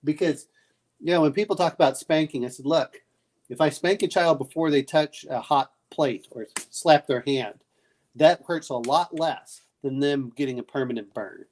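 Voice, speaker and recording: A man's voice: on the high side, normal speed, darkish tone. A man chatting late at night, telling rambling family stories and acting out what people said, with many restarts. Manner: rambling storyteller, restarts often, acts out quotes. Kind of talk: casual late-night chat.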